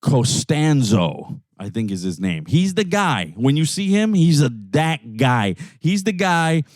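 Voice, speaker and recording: A man from New York talks fast and loose, swearing freely and slipping into impressions of other people as he tells stories. His voice sits fairly high for a man. The sound is dry and close, with no room around it. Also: no room sound. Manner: animated, swearing storyteller who mimics voices. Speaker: podcast co-host. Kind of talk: profane casual chat in a car. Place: inside a jeep.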